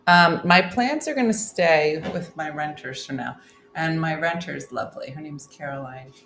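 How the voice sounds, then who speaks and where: A woman's voice: deep voice, moderate pace, a bit bright, soft background music. A middle-aged woman hosting a casual morning live stream, reading viewer comments aloud with wry, chatty asides. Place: room at home. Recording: roomy echo, faint room noise.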